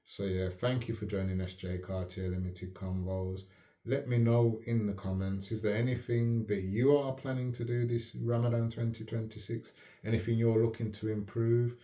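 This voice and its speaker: A man hosting his own channel, talking in a calm, measured, reflective way and often asking if the listener follows. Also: lowish voice. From United Kingdom. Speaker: channel host. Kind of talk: reflective casual talk to camera. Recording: roomy echo.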